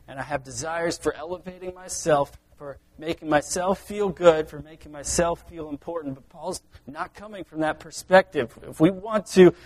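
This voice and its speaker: A man preaching a sermon, earnest, swinging between loud emphasis and quiet asides. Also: on the high side. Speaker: pastor.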